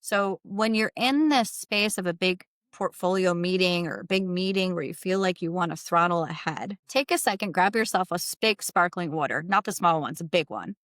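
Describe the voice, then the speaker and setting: A woman guest on a podcast, telling a workplace story in a lively, conversational way and acting out the people she quotes. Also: lowish voice, moderate pace, hardly any pauses, dry recording, clean studio sound. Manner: animated, acts out quoted people. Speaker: podcast guest, wealth strategist.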